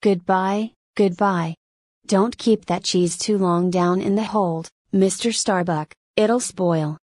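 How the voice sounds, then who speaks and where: A woman's voice: mid-range voice, steady tone, takes it slowly, darkish tone, dry recording, studio quality. A woman reading the lines of an anxious, fussy old male ship owner in an audiobook, rambling through his farewells. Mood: fretful. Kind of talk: audiobook narration.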